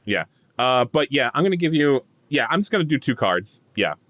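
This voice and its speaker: A man's voice: mid-range voice, brisk, no echo, clean studio sound. A man narrating as game master of a comedy tabletop role-play, rambling with lots of fillers. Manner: animated, rambling with many fillers.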